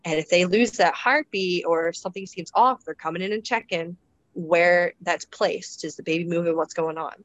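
Low-voiced woman, dry lo-fi interview. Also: normal speed. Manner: reflective, conversational, many restarts and fillers. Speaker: guest describing her births. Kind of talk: casual interview storytelling.

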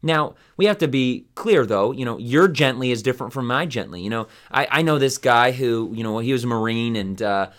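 A man's voice: medium pitch, a little fast, hardly any pauses, a bit bright. A man hosting a Bible study podcast, teaching in a casual, rambling way with many fillers and restarts.

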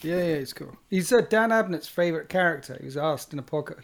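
Higher-voiced man musing aloud. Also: animated, fast, creaky. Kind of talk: casual chat.

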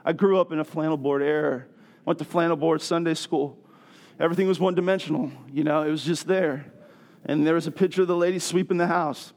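A middle-aged man preaching a sermon as pastor, animated and building to loud rhetorical questions. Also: on the high side, quick pace.

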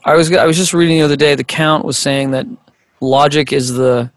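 A man's voice: fairly high pitch, fairly even intonation, brisk, no room sound. A man hosting a casual chat, teasing his guests with jokes. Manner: teasing, joking.

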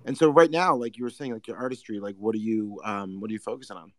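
A man hosting a podcast, chatting casually and telling stories in an animated way full of "like". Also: on the low side, no room sound. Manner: animated, quick storytelling with lots of "like". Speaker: podcast host. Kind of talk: casual conversation.

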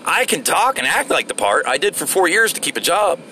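A man's voice: on the high side, very animated, fairly quick, sharp tone, a little hiss or hum. Sarcastic, cursing man ranting while driving. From Florida. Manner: profane, rambling, sarcastic. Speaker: vlogger. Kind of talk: casual rant while driving. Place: inside a moving vehicle.

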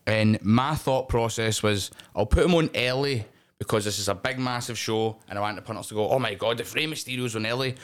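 A middle-aged man with a Scottish accent telling animated, sweary anecdotes in a casual chat. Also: medium pitch, fairly quick. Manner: animated, swears freely, acts out voices in anecdotes. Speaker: wrestling promotion owner, podcast guest.

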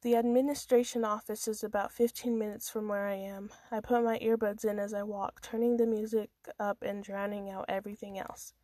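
A woman's voice: mid-range voice, flat delivery, brisk, few pauses, warm tone, no room sound. A woman reading her own first-person story aloud in a casual amateur manner, with small stumbles and restarts.

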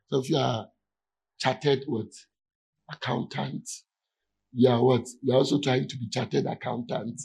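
A pastor preaching in an easygoing, conversational way, stopping often to ask whether his listeners follow. His voice is heavily gravelly with a husky edge. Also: mid-range voice, darkish tone, poor audio. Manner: keeps checking in with listeners. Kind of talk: conversational sermon.

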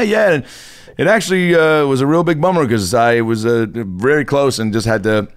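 A man's voice: on the low side, dry recording, clean studio sound. A man in his thirties, a comedian, telling a rambling, self-mocking story in casual podcast chat. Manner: rambling anecdotes full of fillers and self-mockery. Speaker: touring stand-up comedian, podcast host.

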